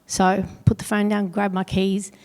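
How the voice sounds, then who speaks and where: A middle-aged woman telling a personal story on stage at an awards event, earnest and pausing heavily. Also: medium pitch, flat delivery, darkish tone, clear, resonant tone. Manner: earnest, heavy pauses, quotes others in dialogue. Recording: long hall reverb.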